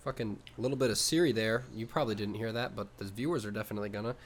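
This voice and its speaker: A young man co-hosting a podcast, telling stories in a casual, animated way with swearing. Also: lowish voice, rapid-fire, a little hiss or hum. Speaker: podcast co-host. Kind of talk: casual chat.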